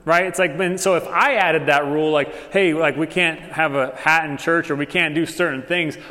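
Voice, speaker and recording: A man preaches in a relaxed, chatty way, full of fillers and quick asides. His voice sits a bit high for a man. The sound carries a long echo from a church hall. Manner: casual, conversational preaching with many fillers. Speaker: pastor. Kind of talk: sermon.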